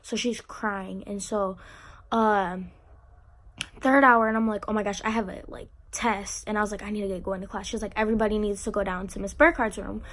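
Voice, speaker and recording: A teenage girl telling an emotional personal story to camera, halting and on the verge of tears, with many fillers and restarts. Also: mid-range voice, fairly even intonation, fairly bright tone. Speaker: vlogger.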